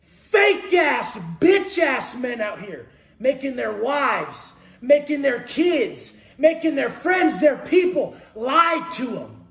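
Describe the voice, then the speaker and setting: A man giving a profane, aggressive motivational rant, taunting his listeners and often shouting. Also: very high voice, sing-song, slow pace. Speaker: motivational speaker. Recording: echoey room.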